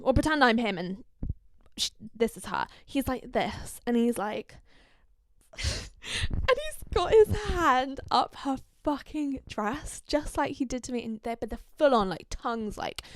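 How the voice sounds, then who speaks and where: This is a young woman in her twenties telling a dating story on her own podcast, loose and chatty. She swears freely and slips into little acted-out quotes. Her voice is smooth and clear, and the recording is close and dry with no room sound. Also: a little high, no room sound. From Scandinavia. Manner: chatty, animated, swears often, acts out quotes. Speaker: podcast host. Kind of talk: casual storytelling.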